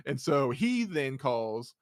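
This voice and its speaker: A man hosting a casual podcast chat, telling a story in a lively way. He acts out both sides of the conversation, laughs often and swears freely. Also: mid-range voice, dry recording, clean studio sound. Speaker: podcast host.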